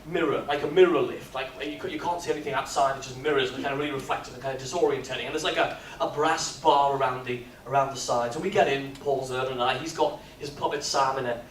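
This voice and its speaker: A man, speaking at a business workshop and telling stories in a lively, jokey way. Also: mid-range voice, fast, few pauses, a little hiss or hum. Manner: lively storyteller, jokey and animated. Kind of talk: live workshop talk with comic storytelling. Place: expo hall. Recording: echoey hall, mic from far off.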